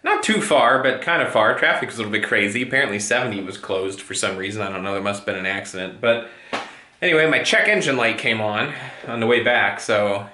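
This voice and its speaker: This tired male vlogger has a bright but low-leaning voice and a brisk pace. At home in a cold, drafty house, he chats casually and ramblingly, even talking to his cat, in an echoey room with faint noise.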